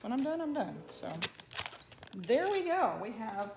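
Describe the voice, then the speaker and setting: A woman's voice: on the high side, very animated, unhurried, reverberant, background noise. A woman hosting a casual sewing tutorial at home, chatting to her dog as she works. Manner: chatty, talks to her dog while working. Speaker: sewing channel host.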